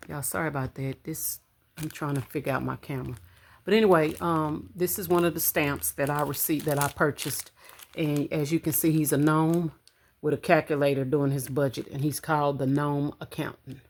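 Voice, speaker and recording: A woman talks to her viewers in a low, deep voice, relaxed and chatty, calling them y'all. She counts out small amounts aloud at home, recorded on a camera on a stand with a faint hiss of noise behind her. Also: moderate pace. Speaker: budgeting vlogger. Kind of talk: casual chat to camera. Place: home room.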